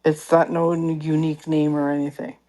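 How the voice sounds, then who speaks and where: A woman with a fairly low voice tells a story in a relaxed, chatty way. She jumps into what other people said to her and then back to her own voice. It sounds like casual call-in chat. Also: brisk. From Canada. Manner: animated storytelling, acts out others' lines.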